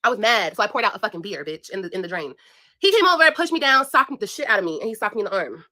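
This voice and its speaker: Very animated and fast-talking, a young woman vlogger with a bright, forceful, medium-pitched voice tells viewers a personal story. Her delivery is casual, emphatic, blunt and full of profanity, aimed straight at her audience.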